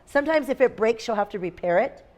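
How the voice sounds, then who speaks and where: Woman teacher reading a storybook to little kids, bit high voice, lots of animal noises and questions. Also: lively intonation, fast, darkish tone. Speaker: kindergarten teacher. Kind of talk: reading a picture book aloud to a class. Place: classroom.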